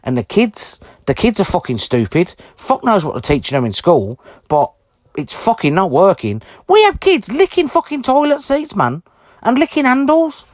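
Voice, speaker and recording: A man's voice: sits high, wildly swooping pitch, moderate pace, no echo, studio quality. A man delivering an angry, heavily sworn ranting monologue to camera, blunt and indignant. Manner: heavy swearing, blunt and indignant.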